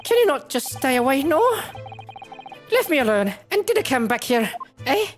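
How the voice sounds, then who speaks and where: Woman putting on a gruff Scottish man. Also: high-pitched, very animated, normal speed, soft background music, pitched above the performer's own voice. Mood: irritated. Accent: put-on Scottish. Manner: clipped, grumbling dialect delivery.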